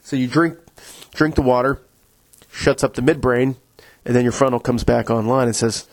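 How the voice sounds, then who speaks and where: A man's voice: medium pitch, steady tone, moderate pace, creaky, low-quality recording. A man hosting a podcast, explaining things in a casual, conversational way with frequent restarts. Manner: conversational, full of restarts, acts out inner voices. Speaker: podcast host.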